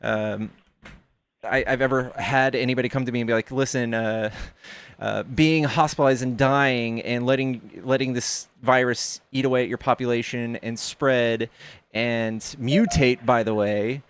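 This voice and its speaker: A man's voice: mid-range voice, steady tone, unhurried, clear, resonant tone. A man hosting a casual online debate, blunt and profane, leaning on statistics. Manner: blunt, swears, cites data. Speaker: debate streamer.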